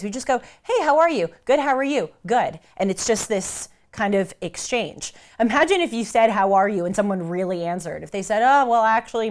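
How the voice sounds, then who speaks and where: A young American woman talking to the camera about travel and history in a chatty, animated way, acting out the voices she quotes. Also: mid-range voice. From United States. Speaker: vlogger. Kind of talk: casual talk to camera.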